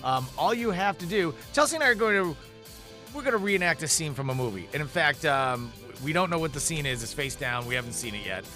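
A man's voice: fairly high pitch, expressive, brisk, sharp tone, faint music behind. A man co-hosting a radio morning show, bantering and announcing segments in an upbeat way.

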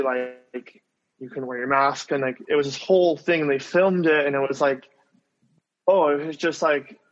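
A man's voice: fairly high pitch, a bit bright. A young man rambling through a story on a video call, with constant "like" fillers and restarts. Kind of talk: casual video call chat. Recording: dull lo-fi call audio.

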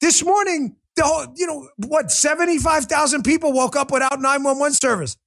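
A man's voice: extremely high pitch, a little fast, fairly bright tone. A man hosting a political podcast, ranting in a heated, sarcastic way, with crude jabs and mocking put-on voices.

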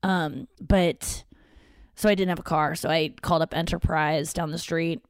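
Low-voiced woman comedian rambling, dry close mic. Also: fairly even intonation, normal speed, clear, resonant tone, no room sound. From St. Louis area. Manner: rambling, profane, acts out others' lines. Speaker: stand-up comedian and podcast host. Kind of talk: casual solo storytelling monologue. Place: home office, indoors.

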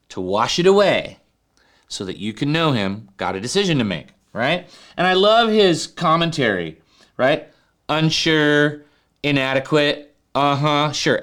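A man preaching a sermon to men, animated, often checking in with "right?" and rising to emphatic high peaks. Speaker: pastor.

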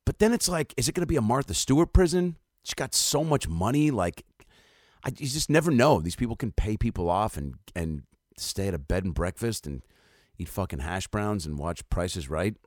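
A man's voice: on the low side, lively intonation, normal speed, no echo, clean studio sound. A man in his thirties, a comedian riffing casually to camera in a rambling, profane, jokey way. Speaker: comedian and host.

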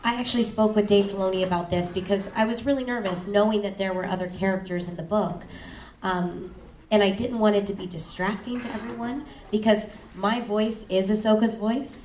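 A woman's voice: mid-range voice, steady tone, a little fast, a little mellow. A woman who narrates audiobooks, chatting casually on a panel with many ums. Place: live event stage. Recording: roomy, distant mic, faint noise.

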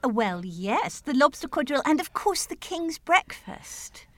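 Animated woman reading aloud. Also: sits high, unhurried, dry recording. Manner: animated, laughing, nostalgic. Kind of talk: casual chat and poem reading.

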